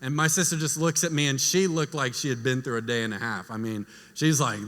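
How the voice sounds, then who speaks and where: A young man telling a lively story to a young adult group, acting out family members' voices along the way. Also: medium pitch, brisk, few pauses. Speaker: youth speaker. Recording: long hall reverb.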